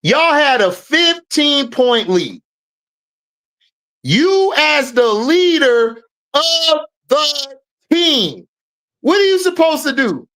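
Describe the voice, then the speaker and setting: A woman's voice: high voice, big pitch swings, very slow, fairly bright tone. A woman hosting a casual sports recap, trash-talking and mock-scolding players. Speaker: show host, sports commentator.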